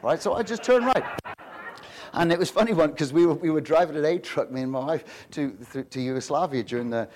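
A man preaching a sermon in a lively, conversational way, often repeating himself and laughing as he talks. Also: a little high, brisk. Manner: animated, conversational preaching with frequent repetitions and laughs. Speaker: pastor.

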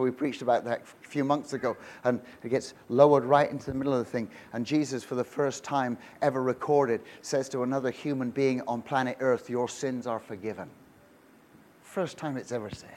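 A man's voice: medium pitch, vocal fry, darkish tone, slight background noise. A man preaching a humorous sermon, telling stories with jokes, rhetorical questions and frequent restarts. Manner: storytelling, joking, many restarts and rhetorical questions. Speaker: pastor.

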